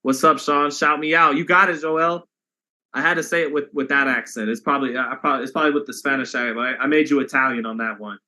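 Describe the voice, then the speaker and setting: A man's voice: medium pitch, fairly even intonation, fast talker, sharp tone. A man hosting a boxing live stream, chatting casually with viewers and reading their comments aloud, with some swearing.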